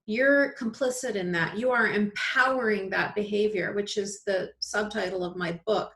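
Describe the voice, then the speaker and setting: A woman's voice: medium pitch, moderate pace, fairly bright tone, echoey room. A woman guest on an interview podcast, arguing her point with passion and emphasis. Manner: impassioned, emphatic argument. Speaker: guest, activist and author. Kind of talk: conversational interview.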